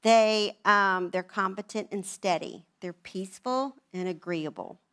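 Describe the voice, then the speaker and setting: A woman's voice: medium pitch, unhurried, clear, resonant tone. A woman around sixty, giving a chatty, humorous personal talk at a women's event. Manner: animated, chatty storytelling.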